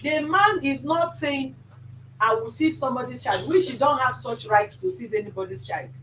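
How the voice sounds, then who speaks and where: Nigerian woman mediator, high commanding voice, distant mic in a roomy office. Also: moderate pace, a bit bright, slight background noise. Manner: firm, commanding, lecturing. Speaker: mediator host. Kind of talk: scolding mediation session.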